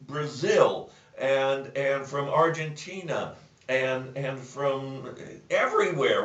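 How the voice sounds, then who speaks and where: A man's voice: medium pitch, animated, slow, a bit bright. A man hosting a casual chat show, telling a joke and rambling with many restarts and fillers. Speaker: show host. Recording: roomy, distant, muffled sound.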